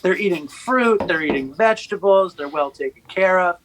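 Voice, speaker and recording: A man's voice: sits high, expressive, moderate pace, a crowd in the background, low-quality recording. A man hosting a podcast, telling stories in a wry, joking way during a laid-back conversation. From New York City. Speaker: podcast host.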